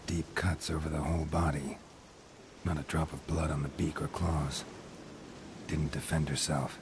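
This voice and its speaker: A gruff middle-aged monster hunter in a video game, his voice extremely deep and flat. He talks in clipped, matter-of-fact fragments, cool and terse. Loud background noise runs under the game audio. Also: moderate pace. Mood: terse analytical. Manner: clipped, matter-of-fact, dropping subjects from sentences.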